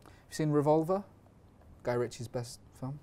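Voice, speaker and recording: Deadpan man coaching acting. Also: a little high, moderate pace. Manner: deadpan, clipped, self-assured. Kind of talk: comedy sketch, deadpan.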